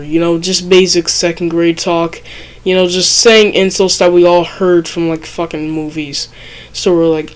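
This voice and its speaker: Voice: medium pitch, little pitch movement, moderate pace. Rambling, profane storytime vlogger. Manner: rambling and profane, heavy use of fillers; self-mocking asides. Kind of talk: casual storytime narration.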